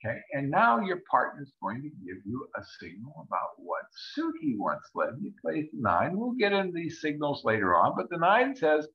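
A man teaches a card-game hand in a chatty walkthrough, his pitch swinging up and down as he acts out what each player is thinking. The recording sounds dull and lo-fi. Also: huge pitch swings, moderate pace, few pauses. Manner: chatty, acts out players' thoughts in little voices. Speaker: bridge teacher. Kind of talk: screen-share lesson walkthrough.

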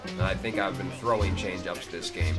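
Speaking at normal speed, a man commentates live on a gaming video he hosts himself, game music in the background. He erupts with excitable swearing that veers between mumbling low and yelping suddenly.

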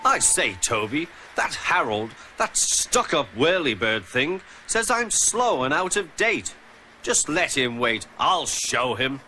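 A man's voice: mid-range voice, expressive, slow pace, few pauses, pushed and bright, slight background noise, voice pushed up, poor audio. A man voicing a small, eager young male tank engine who talks in a huffy, boastful way. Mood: indignant. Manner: indignant and boastful. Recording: music playing underneath.

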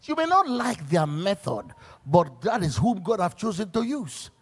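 A man's voice: high-pitched, very animated, moderate pace, husky. A man, a pastor preaching a sermon to church workers in a church, emphatic as he weaves stories and scripture quotes.

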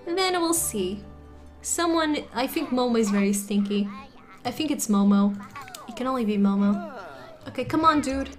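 A woman's voice: high voice, animated, a little slow, fairly bright tone, faint music behind. A woman hosting a casual let's play, chatty and giggly, often laughing as she talks to her game characters. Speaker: gaming channel host. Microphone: desktop USB microphone.

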